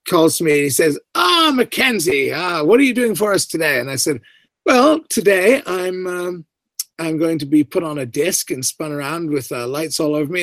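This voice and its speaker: A middle-aged man, an actor guest on a podcast, telling an anecdote in an animated way and acting out the voices of the people he quotes. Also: no room sound. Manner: animated, acts out quoted voices with big pitch jumps. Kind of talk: anecdotal storytelling.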